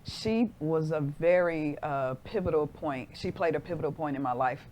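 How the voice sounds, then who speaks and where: A woman in her forties, a guest in an interview, telling a personal story with lively acted-out voices. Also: low-pitched, normal speed, a little hiss or hum.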